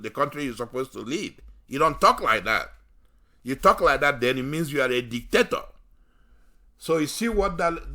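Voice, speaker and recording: Male commentary host, forceful bright tone, scornful, emphatic repeats. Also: medium pitch. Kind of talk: political commentary monologue.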